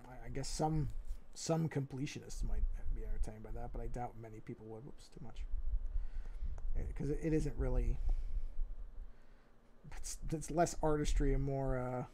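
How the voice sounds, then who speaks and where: A man's voice: medium pitch, moderate pace, long pauses, mellow, slight background noise. A man streaming his drawing session, thinking aloud in a rambling, self-correcting way and mumbling as he looks down away from a fixed mic. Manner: mumbly while looking down. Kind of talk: casual livestream commentary while drawing. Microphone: fixed mic while head faces down at a tablet.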